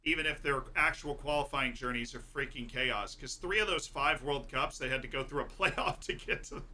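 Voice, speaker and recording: Male streamer, bright piercing tone, chatty jokey match commentary. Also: medium pitch, moderate pace. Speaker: streamer hosting a football watchalong. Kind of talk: casual live-stream commentary.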